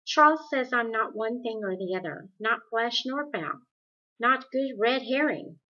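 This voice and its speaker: A woman voicing a moody, insecure teenage girl who speaks quietly and sulkily, in a dull lo-fi recording. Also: a little high, measured pace. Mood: sulky.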